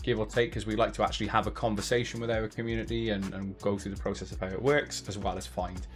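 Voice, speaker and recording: A man's voice: fairly low pitch, flat delivery, fast talker, over music. A man hosting a casual live-stream chat, chatty and laughing often, who sometimes slips into put-on accents. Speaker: host.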